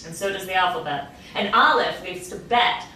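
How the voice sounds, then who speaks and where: An actress reading the part of a patient, dry-witted Hebrew tutor in a virtual play reading. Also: female voice, on the low side, normal speed, pushed and bright, slight background noise. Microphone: remote video call mic. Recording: echoey room, distant mic, faint ambience.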